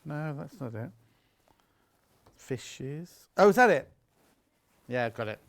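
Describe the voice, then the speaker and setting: A man's voice: on the high side, lively intonation, takes it slowly, vocal fry. A man presenting fabrics on a live shopping channel, chatty and jokey as he teases the crew.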